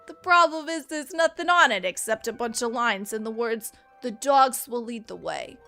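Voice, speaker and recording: A woman's voice: a little high, animated, normal speed, bright, forceful tone, faint music behind. A woman voicing a struggling male treasure hunter from the 1930s, reading his journal aloud with a tough-guy gangster drawl. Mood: weary, rueful.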